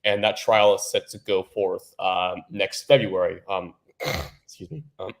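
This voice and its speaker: A man, a newspaper reporter, answering interview questions in a halting way with many ums and restarts. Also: low-pitched, steady tone.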